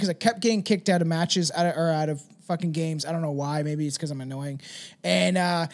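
A man's voice: a little high, a little fast. A man hosting a podcast, telling a rambling, profane story in casual chat and laughing as he talks. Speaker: podcast host.

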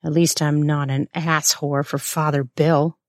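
A scornful older nun hisses her lines low and slow, as a woman reads her part in a story. The voice sits low, drawn out unhurriedly, close and dry with no room sound. She snarls more than she speaks. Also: flat delivery, no room sound. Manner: snarling, hissing delivery. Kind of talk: read-aloud erotic story.

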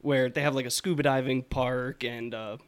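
A man's voice: medium pitch, fairly even intonation, normal speed, clear, resonant tone. A young man from telling rambling stories in a casual chat, laughing often. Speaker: podcast co-host.

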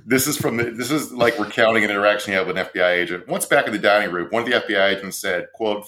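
A man with a fairly low voice chats through the news in a loose, sardonic way, often chuckling at his own jokes. He sounds like a podcast co-host riffing with a friend. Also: racing, hardly any pauses, sharp tone. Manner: wry, sardonic, laughs at his own points. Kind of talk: casual political commentary.

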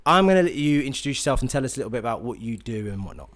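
A man's voice: medium pitch, racing. A man with a London accent hosting a podcast in casual, rambling chat full of fillers. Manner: relaxed, rambling with many fillers. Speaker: podcast host.

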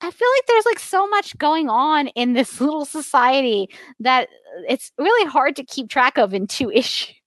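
A woman co-hosting a casual chat, talking in an animated way and laughing between remarks. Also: high voice, normal speed, hardly any pauses, no room sound. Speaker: podcast co-host.

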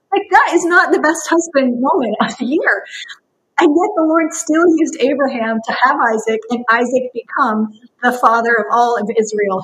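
A woman with a fairly high voice speaks as a guest on a faith podcast. Her talk is impassioned and emphatic, with frequent laughter. Her tone is expressive and sincere. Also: poor audio. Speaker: Christian counselor as podcast guest.

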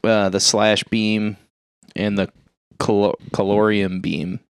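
A man's voice: on the low side, level tone, slow, clean tone, no echo. A man co-hosting a casual podcast, reading out details and making light fun of himself. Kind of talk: casual chat.

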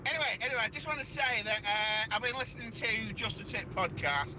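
A man's voice: sits high, a little fast, background noise, close to an everyday voice. A man imitating a male pop singer leaving a rambling, hesitant voicemail. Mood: chatty.

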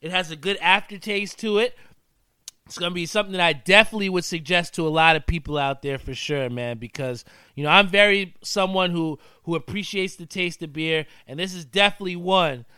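Bright, crisp-voiced casual male host. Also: sits high, a little fast, no room sound. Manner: laid-back, chatty, says "man" often. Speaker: podcast host. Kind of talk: casual show sign-off with sponsor shout-outs.

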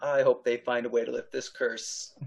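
A man's voice: mid-range voice, level tone, moderate pace, gravelly, darkish tone. A man playing a tabletop game, playful and speaking in character. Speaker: player.

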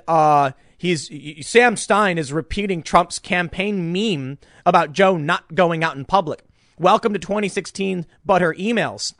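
Male political commentator with a high, swooping voice. Rambling, animated delivery with many restarts. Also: no room sound, clean studio sound.

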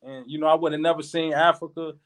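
Young man, high voice, slangy animated storytelling, podcast guest. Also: fast, a little hiss or hum. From Chicago. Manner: animated, slangy, repeats words while telling a story. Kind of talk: casual storytelling.

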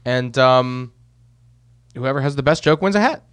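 A man co-hosts a casual podcast in a loose, easygoing style, chatting and laughing often. His voice sits at a typical middle pitch. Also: lively intonation, moderate pace, clear, resonant tone. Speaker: podcast co-host. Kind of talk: casual chat.

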